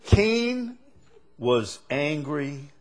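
A man's voice: a little high, big pitch swings, extremely slow, a little mellow. A male preacher giving a sermon, asking the same question again and again and building to emphatic peaks.

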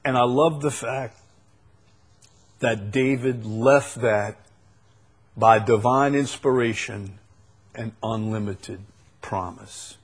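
A man preaching a sermon, repeating key phrases and swinging between loud proclaiming and quiet intensity. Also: medium pitch, slow, long pauses, husky.

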